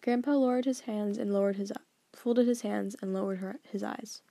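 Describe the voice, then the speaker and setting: A woman narrating an audiobook in a steady, even storytelling manner. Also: mid-range voice, normal speed, gravelly, no room sound.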